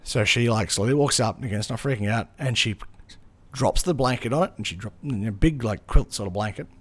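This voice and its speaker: A man's voice: medium pitch, a little fast, husky. A young man streaming a game, telling a story casually and animatedly, swearing freely. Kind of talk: casual storytelling while gaming.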